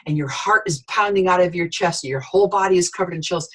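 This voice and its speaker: A middle-aged woman giving an animated sales training talk, telling stories with voices for the people in them. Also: fairly low pitch, fast talker, few pauses, slightly rough, poor audio. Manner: storytelling, lively quoted voices.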